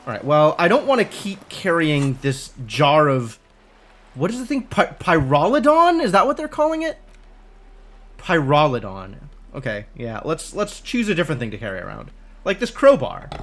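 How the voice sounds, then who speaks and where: A man streaming a video game live, talking through it in an animated, rambling, self-amused way. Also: fairly high pitch, a little hiss or hum. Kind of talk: live gameplay commentary.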